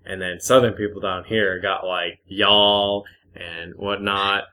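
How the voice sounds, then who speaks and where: A young man chatting on a podcast with a bright, forward tone. He swears freely and laughs often, telling his stories with plenty of energy. He comes from the north. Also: low voice, measured pace. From northern United States. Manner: swears a lot, laughs often, animated storytelling. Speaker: podcast co-host. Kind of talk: casual chat.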